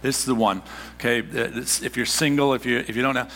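A middle-aged man preaching a sermon as a pastor, animated and exclamatory, often stammering and repeating words as he presses his points. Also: medium pitch, brisk, in a large hall, a little hiss or hum.

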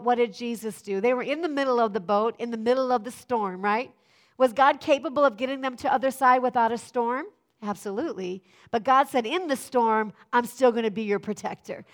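A middle-aged woman preaching a sermon, lively and often asking the congregation questions. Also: a little high.

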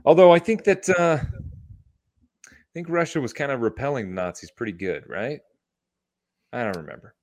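A young man co-hosting a casual podcast, slangy and making deadpan jokes. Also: medium pitch, moderate pace, long pauses. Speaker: podcast co-host. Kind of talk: casual chat.

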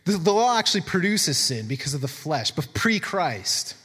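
A man's voice: on the high side, very animated, moderate pace, fairly bright tone, breathy edge, big-room sound. A man preaching a sermon in a conversational way, reading scripture aloud with emphatic asides and repeating words for emphasis. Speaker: pastor.

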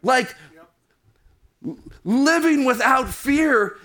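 A man with a high voice preaches a sermon. He reads scripture aloud, then slows down and lifts his voice to press a point home. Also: animated, sharp tone. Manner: preaching, slowing down and rising for emphasis.

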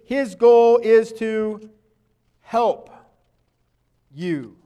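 Man, high voice, preacher, sermon, conversational, rhetorical questions, reads scripture aloud. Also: a little mellow.

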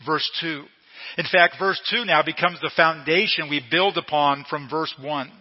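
A middle-aged male pastor preaching a sermon slowly and emphatically, repeating key phrases. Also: fairly high pitch. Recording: long reverb in a hall, dull lo-fi sound.

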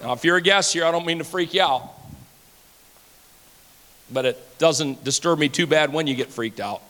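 A man in his forties delivers an impassioned sermon, hammering his points home by repeating phrases. His voice is bright and forceful and sits a little high for a man. Long reverb from a large church hall trails behind every line. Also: normal speed. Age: 40s. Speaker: pastor. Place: church sanctuary.

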